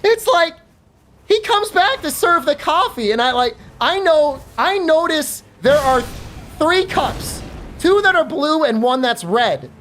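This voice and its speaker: A woman streamer chatting casually while gaming, telling an animated story with lots of fillers and free swearing. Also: sits high, unhurried, slight background noise.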